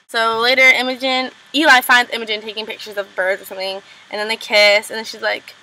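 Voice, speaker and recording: A young woman casually recapping a TV episode, full of "like" and "um", quickly acting out characters' lines. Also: fairly high pitch, level tone, pushed and bright, a little hiss or hum, poor audio. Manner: chatty, lots of "like" and "um", acts out lines in quick impressions. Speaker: recap vlogger.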